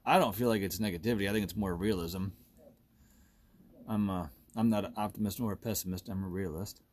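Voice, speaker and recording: A man's voice: on the low side, fairly even intonation, fairly quick, darkish tone, a little hiss or hum. A man in his forties hosting a solo podcast, ranting bluntly and with lots of profanity, often laughing at himself. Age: 40s. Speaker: podcast host.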